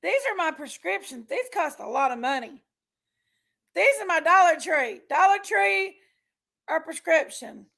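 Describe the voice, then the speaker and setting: A chatty woman hosts a casual livestream, greeting viewers by name and laughing easily. Her voice sits high and bright in pitch. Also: very animated, a little slow, vocal fry. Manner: chatty, reads viewer names aloud and laughs often. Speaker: livestream host.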